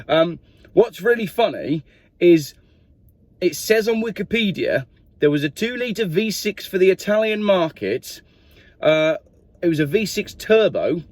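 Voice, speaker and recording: A man's voice: on the high side, darkish tone, no echo. A man hosting a casual car review, chatty, enthusiastic and jokey. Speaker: car reviewer, channel host.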